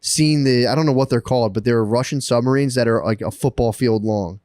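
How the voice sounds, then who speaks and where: A man's voice: medium pitch, a little fast, no room sound. Male podcast co-host with a dry, close sound, spinning a wild story with lots of swearing and bursts of laughter. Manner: excited, profane, laughing storyteller acting out quotes. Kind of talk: casual storytelling chat.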